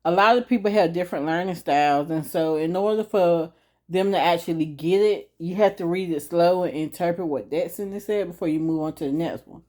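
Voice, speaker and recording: Speaking to camera, a woman gives an informal Bible teaching in a conversational way, often checking in with "right?" She reads scripture slowly and deliberately, her voice low-leaning and mellow.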